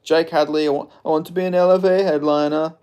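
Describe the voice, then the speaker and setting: A man's voice: fairly high pitch, flat delivery, quick pace, darkish tone, clean tone, voice pushed up, close to an everyday voice. A man doing an impression of a male fighter with a nasal, frog-like voice and a put-on English accent. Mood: eager. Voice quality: nasal, Kermit-like.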